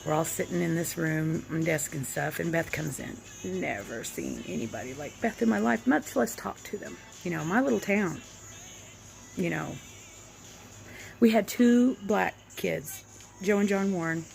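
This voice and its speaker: Brief: woman in her forties, deep-ish gravelly voice, halting heartfelt storytelling. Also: animated, a little mellow, rough recording. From Oklahoma. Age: 40s. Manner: candid, reflective, halting with fillers. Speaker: vlogger. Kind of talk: personal storytelling.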